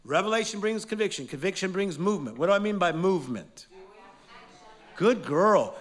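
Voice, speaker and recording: Man, fairly high voice, motivational teacher, live class, call-and-response, energetic, playful. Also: a little slow, long pauses. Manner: energetic, playful, quizzes the audience. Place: class in front of a live audience.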